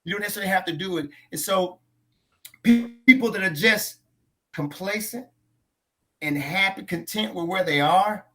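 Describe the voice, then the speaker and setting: Bright, high-voiced preaching man. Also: moderate pace, pauses often, faint music behind. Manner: preacherly, emphatic, repeats key lines; trains others in tone and inflection. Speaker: church leader on a post-sermon talk show. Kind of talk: casual faith discussion.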